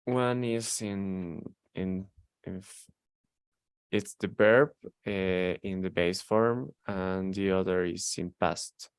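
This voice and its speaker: A male student in an online English lesson who speaks slowly and hesitantly, with a low, smooth voice. The sound is close and dry. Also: fairly even intonation, no echo. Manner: hesitant, searches for words with many fillers.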